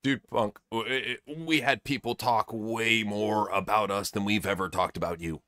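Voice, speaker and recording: A man with a low voice, hosting a casual podcast and giving blunt, opinionated takes full of swearing. The sound is dry and close to the mic. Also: fairly even intonation, normal speed, bright, forceful tone, no room sound. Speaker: podcast host.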